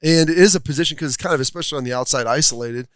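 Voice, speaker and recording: A man's voice: a little high, racing, a bit bright, clear, resonant tone, no room sound. A man who used to play, now an analyst, explaining football in a folksy way with examples. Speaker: former player, analyst. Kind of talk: casual sports talk. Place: restaurant, live show.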